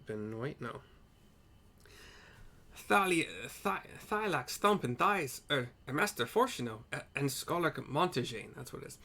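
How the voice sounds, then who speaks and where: A man's voice: mid-range voice, sing-song, a little slow, vocal fry, bright, forceful tone. Chatty man narrating a game. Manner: chatty, muttered asides. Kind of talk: casual audio-described game narration. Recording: game music underneath.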